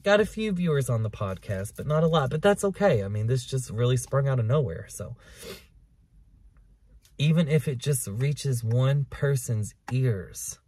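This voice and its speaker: A man in the middle range of pitch talks to his camera in a park, baring his feelings with plenty of cursing. He moves from loud outbursts to quiet, hushed admissions. The sound is dry, with no room echo. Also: expressive, moderate pace, slightly rough. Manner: candid, profane and emotional, swinging between loud and hushed. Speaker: podcast host. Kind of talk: confessional solo podcast monologue. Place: outdoors in a park. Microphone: camera recording him.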